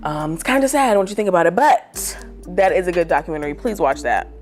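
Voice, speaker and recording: A woman's voice: fairly low pitch, expressive, quick pace, soft background music. A young woman vlogging casual celebrity gossip to camera, slangy and dramatic with lots of fillers. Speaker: vlogger giving pop culture opinions.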